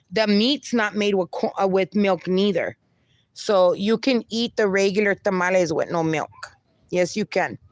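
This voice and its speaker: Female stream host, unhurried and chatty, mixes in Spanish words, close dry sound. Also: mid-range voice, dry recording. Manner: chatty, reads chat aloud, slips into Spanish words. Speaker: livestream host. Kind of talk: casual live chat reading comments.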